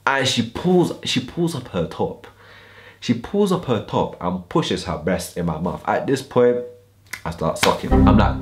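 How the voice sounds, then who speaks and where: A man's voice: on the low side, very animated, moderate pace. A young man telling a storytime vlog in heavy slang, acting out the voices in his story. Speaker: YouTuber.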